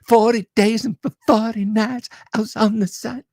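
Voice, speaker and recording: A higher, louder voice jumps out for a jokey male pop-star impression, as a man puts it on mid-chat. The lines come out half-sung and playful, with a clipped punch. The sound stays close and dry. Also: level tone, normal speed, no room sound.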